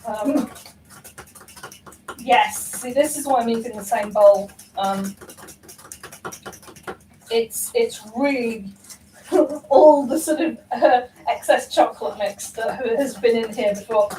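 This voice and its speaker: A woman's voice: on the high side, takes it slowly, long pauses, mellow, slight background noise. Rambling woman baking, roomy and distant. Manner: rambling, self-mocking, full of ums and laughs. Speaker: baking vlogger. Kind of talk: casual chat while baking. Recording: roomy kitchen, voice from far off.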